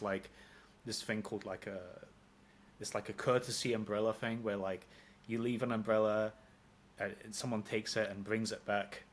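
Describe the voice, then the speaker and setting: A man's voice: fairly low pitch, a bit bright. A man from London with a British accent, in his thirties, giving a casual interview answer full of fillers and casual swearing. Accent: British English. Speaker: interview guest.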